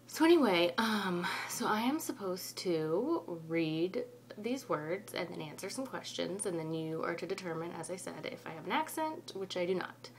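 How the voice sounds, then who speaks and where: A woman from California with a Northern Californian accent, chatting casually in a rambling way, often pausing on ums. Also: fairly low pitch, lively intonation, slight background noise. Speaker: vlogger. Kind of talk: casual chat.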